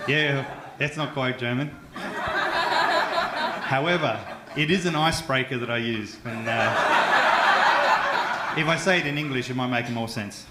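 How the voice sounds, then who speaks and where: Australian male comic, mid-pitched, stumbling and self-deprecating, roomy club sound. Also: a little slow, pauses often. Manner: chatty, self-mocking, with frequent stumbles and fillers. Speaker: stand-up comedian. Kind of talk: stand-up comedy set. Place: comedy club stage. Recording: roomy club sound with faint background noise.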